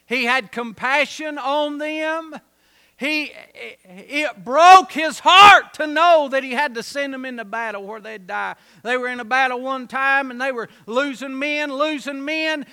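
A preacher with a strikingly high, bright voice delivers a homespun sermon. He drops to soft asides, then rises to ringing shouts. His twang and rough grammar give it a country church feel.

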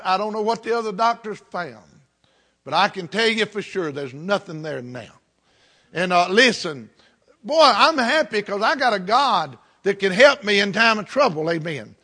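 Older male preacher, high bright voice, plainspoken folksy storyteller. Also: breathy edge. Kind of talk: storytelling sermon.

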